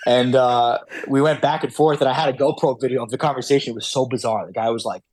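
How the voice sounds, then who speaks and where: A man's voice: mid-range voice, steady tone, fast talker, darkish tone, dry recording. Rambling man telling stories on a podcast. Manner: rambling, many fillers and restarts. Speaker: podcast guest, falconer. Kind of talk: casual storytelling.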